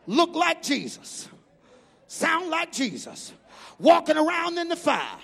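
Loud rhythmic preacher guy, raspy and echoey, call and response feel. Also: extremely high pitch, huge pitch swings, slow pace. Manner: shouting, rhythmic. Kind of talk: storytelling sermon. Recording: echoey hall reverb.

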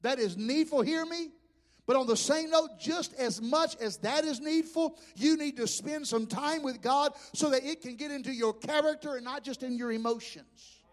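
High-voiced preacher in a hall. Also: male voice. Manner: folksy, impassioned preaching with humor. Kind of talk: sermon.

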